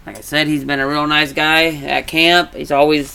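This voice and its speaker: A man casually chatting in a vlog, rambling with restarts and growing animated as he retells stories. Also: on the high side, moderate pace, vocal fry, a little hiss or hum. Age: adult. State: congested from allergies. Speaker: vlogger. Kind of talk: casual chat.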